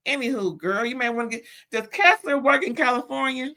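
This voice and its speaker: Woman, recap host; casual, animated storyteller with slang and quick impressions. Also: on the high side.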